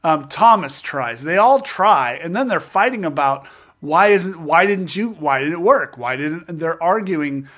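A man's voice: a little high, a little slow. A man casually discussing scripture, retelling the story with energy and joking asides. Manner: animated storyteller who acts out quotes with jokes.

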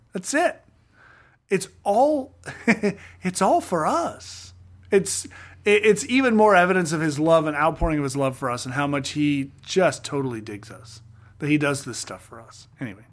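A middle-aged man hosting a podcast, talking through a Bible passage in a casual, jokey way with slangy asides. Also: fairly high pitch. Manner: jokey, animated, slangy retelling of scripture. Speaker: podcast host. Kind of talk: casual Bible study chat.

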